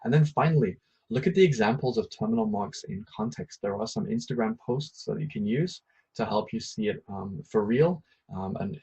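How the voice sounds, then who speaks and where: A man with a slightly husky, breathy voice gives a patient grammar lesson. He explains each point and then repeats it in plain terms. The recording sounds a little dull and lo-fi. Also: medium pitch, warm tone. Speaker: English teacher.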